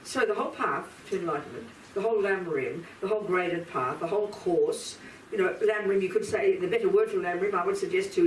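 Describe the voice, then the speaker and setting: With a lowish, brisk voice, this Buddhist teacher lectures live before an audience in a teaching room, talking straight to her listeners in a blunt, emphatic way. The sound is distant and roomy, carrying faint ambience and slight background noise.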